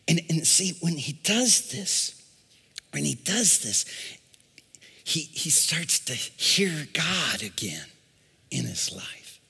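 A male pastor preaching a sermon, calling out to the congregation and swinging from shouts to a near-whisper. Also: on the high side, vocal fry, breathy edge. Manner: call-and-response preaching. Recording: long reverb in a large hall.

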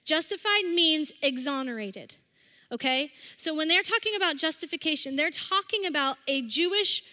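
Chatty high-voiced woman preaching in a reverberant hall. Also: moderate pace. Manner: chatty, acts out quotes with animated voices. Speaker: speaker at a church service. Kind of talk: casual conversational sermon.

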